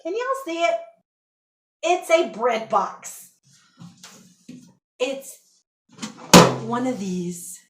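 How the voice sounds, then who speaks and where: A woman chatting casually to the camera as she shows off a thrift haul, excitable and talkative, calling her viewers y'all. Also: high voice, extremely slow, pauses often, very noisy.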